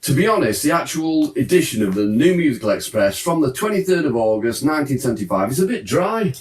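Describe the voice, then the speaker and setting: A man's voice: mid-range voice, sing-song, fast. A man hosting a casual chat about old music papers, talking chattily and laughing easily. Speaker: host. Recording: roomy sound from a distance.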